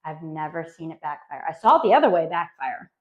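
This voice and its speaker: Animated woman dog trainer, lo-fi sound. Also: low voice. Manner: animated, acts out dogs and owners in quick voices. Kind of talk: spoken instructional talk to dog owners. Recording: dull lo-fi sound.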